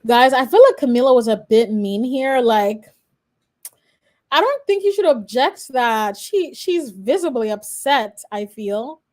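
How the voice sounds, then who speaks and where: Young woman streaming live, chatty, talking right to her chat, kinda high voice. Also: big pitch swings, unhurried, a little mellow. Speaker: law student live streamer. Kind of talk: live reaction stream commentary.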